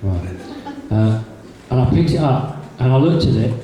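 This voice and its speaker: Dark-voiced Englishman telling stories in a hall. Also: medium pitch, expressive, a little slow, distant mic. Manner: chatty anecdotal storytelling with repeats. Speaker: guest speaker. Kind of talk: public talk to a live audience. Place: meeting hall. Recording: echoey hall from a room recorder, faint noise.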